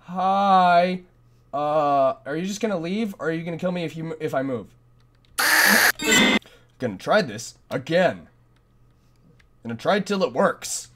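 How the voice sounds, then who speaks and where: A man's voice: fairly high pitch, expressive, moderate pace, pauses often, faint music behind. A man commentating a horror game as he plays, frantic and self-mocking, often repeating himself in a panic. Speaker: gameplay commentator. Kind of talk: let's play commentary.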